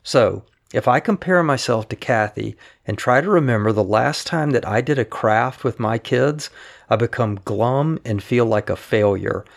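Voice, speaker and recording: A man calmly reading his wife's written updates and a blog article aloud, in a measured voice. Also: medium pitch, vocal fry.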